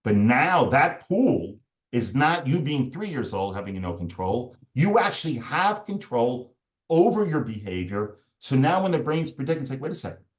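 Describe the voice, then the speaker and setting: Breaking his method into steps during a podcast interview, a performance coach briefly acts out the angry inner voices of the people he mentions. His medium-pitched voice swings widely in pitch at a moderate pace.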